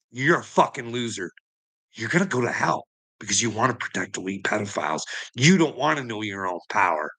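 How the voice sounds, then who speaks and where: Gravelly, angry ranting man. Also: medium pitch, expressive, normal speed, sharp tone. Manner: angry, profane, mocking, laughs between lines. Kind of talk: ranting livestream talk.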